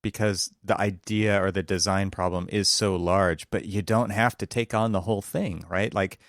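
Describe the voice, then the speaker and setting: Podcast co-host, man, fairly low voice, emphatic and lecturing, dry close sound. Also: steady tone, normal speed, no echo. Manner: emphatic, preachy about disruption. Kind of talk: casual conversation. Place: California.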